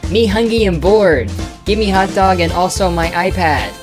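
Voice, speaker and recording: A man's voice: sits high, expressive, normal speed, over music, voice pushed up. A man voicing a rude, demanding one-year-old boy who talks in broken baby talk.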